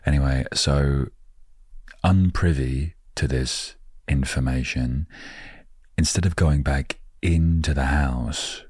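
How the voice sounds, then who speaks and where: An Englishman hosting a relaxed storytelling podcast, rambling playfully with jokey asides into a close microphone. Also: rumbling low, slow, slightly rough, no echo. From England. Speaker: podcast host.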